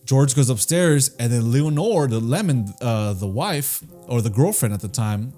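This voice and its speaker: This man, a podcast co-host, speaks at a moderate pace with a medium-pitched voice over soft background music. Animated and profane, he tells a story casually and performs the quoted voices of its characters.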